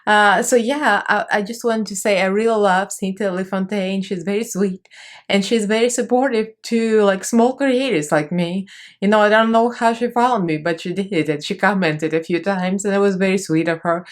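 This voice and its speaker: A woman's voice: medium pitch, normal speed. A young woman with a Russian accent chatting casually through a makeup tutorial, laughing often and talking in loose, easy phrases. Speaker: makeup vlogger.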